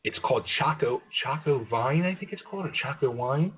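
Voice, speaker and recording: On tinny, phone-like audio, a radio host with a medium-pitched, slightly rough voice talks briskly. He chats casually with his guest, laughing a lot in easygoing banter.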